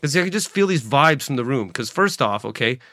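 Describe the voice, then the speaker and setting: A man's voice: mid-range voice, animated, fairly quick, pushed and bright, dry recording, studio quality. A man in his late forties, a comedian hosting his own podcast, rambling through a casual solo monologue, swearing freely and restarting his sentences. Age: 40s. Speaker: podcast host, stand-up comedian.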